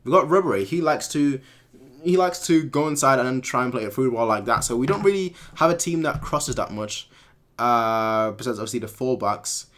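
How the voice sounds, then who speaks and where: A man's voice: medium pitch, moderate pace, fairly bright tone. Rambling man answering stream comments. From Munich, Germany. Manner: rambling, repeats words and corrects himself mid-sentence. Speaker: fan channel host.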